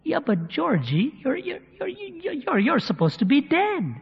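Man playing a flustered old mother, squeaky high stammer, dull echoey hall sound. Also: huge pitch swings, slow, slightly rough, full character voice. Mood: shocked. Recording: dull recording in a reverberant hall.

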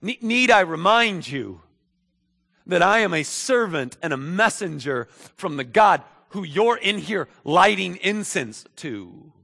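A man's voice: fairly high pitch, lively intonation, moderate pace, creaky, few pauses, fairly bright tone, slightly rough, pitched above the performer's own voice, full character voice. A man voicing an indignant, proud male archangel messenger with emphatic, exclaiming stresses. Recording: echoey hall.

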